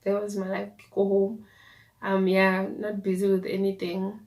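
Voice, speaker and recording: A woman's voice: medium pitch, monotone, a little slow, a little mellow. A young woman with a South African accent, telling her story casually while doing a makeup tutorial, dropping in Sesotho words and playful asides. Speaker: YouTuber.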